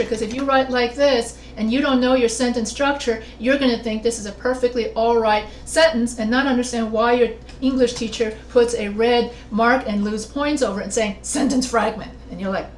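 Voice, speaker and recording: A woman's voice: fairly high pitch, fairly even intonation, moderate pace, few pauses. Woman teaching a writing class online. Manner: explains step by step, quizzes students with questions. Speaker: writing instructor. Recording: roomy echo with faint noise.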